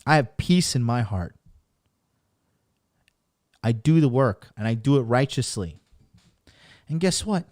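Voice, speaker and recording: A man who hosts a podcast and works as a dating coach delivers a profane, emphatic motivational rant, hammering the same points again and again. His voice is mid-range with a darkish tone, captured with clean studio sound and no room sound.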